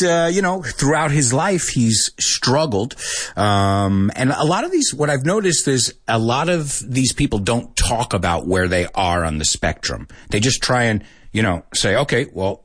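A man's voice: lowish voice, slightly rough, dry recording, clean studio sound. A man hosting a casual bilingual chat, switching between English and Spanish as he talks and chuckling often. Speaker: podcast host teaching Spanish speakers English.

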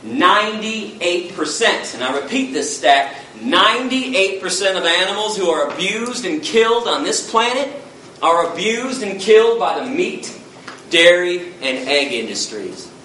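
This American man's voice sits high and sharp, very animated yet unhurried, as he gives a passionate, blunt, fiery and confrontational public lecture. He is captured from far away in an echoey hall, with a bit of hiss or hum.

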